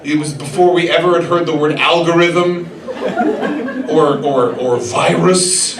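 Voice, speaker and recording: A man doing stand-up crowd work on a comedy club stage, talking with the audience and breaking into loud, excited impressions. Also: a little high, a little slow. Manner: animated, shouting impressions of excited people. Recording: roomy club sound from far off, crowd laughter.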